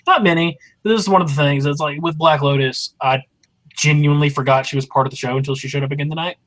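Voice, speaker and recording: A male co-host of a wrestling review, chatting casually in a relaxed, agreeable but opinionated way. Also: a little high, fast talker, rough recording. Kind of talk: casual chat.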